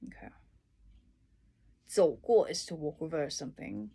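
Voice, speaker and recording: The speaker is a woman who tutors languages, casually reading through a dictionary at a slow, easy pace. Her somewhat low voice has a little huskiness, and she explains each term with simple examples plus the odd gentle aside.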